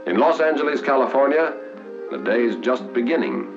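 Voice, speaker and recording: A man's voice: medium pitch, big pitch swings. Formal 1940s newsreel narrator man. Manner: formal, measured, dramatic pauses. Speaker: documentary narrator. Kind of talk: 1940s wartime documentary narration. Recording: dull 1940s film soundtrack with music.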